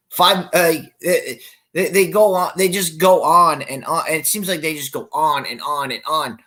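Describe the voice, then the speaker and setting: A man's voice: on the high side, normal speed, bright, forceful tone. A male podcast co-host in casual sports chat, rambling with many restarts.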